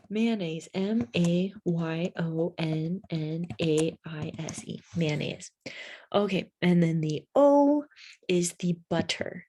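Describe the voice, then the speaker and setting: A woman gives an English lesson at an unhurried pace, in a voice that sits slightly low. She spells words out letter by letter and keeps checking in with her learners. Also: mellow, slight background noise. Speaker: English teacher.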